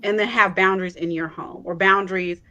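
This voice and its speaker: A woman's voice: medium pitch, steady tone, fairly quick, pushed and bright, muffled recording. Firm woman giving advice. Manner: firm, emphatic. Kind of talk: panel discussion, advice.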